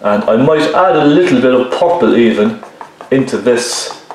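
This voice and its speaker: A man giving a relaxed painting tutorial, talking viewers through each step and often checking in with them as he works. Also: medium pitch, normal speed, slight background noise. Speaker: painting teacher. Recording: very echoey room.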